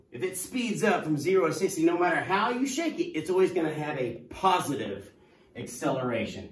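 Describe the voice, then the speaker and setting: A man teaching a class in a playful, excitable, jokey way. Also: fairly high pitch. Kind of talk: classroom lesson. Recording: echoey room, mic at a distance.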